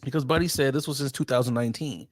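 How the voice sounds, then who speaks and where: A man's voice: fast, no echo, clean studio sound. A man co-hosting a casual chat show, talking in a playful, loose and joking way. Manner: playful, loose and joking with lively swings in pitch. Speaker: podcast co-host.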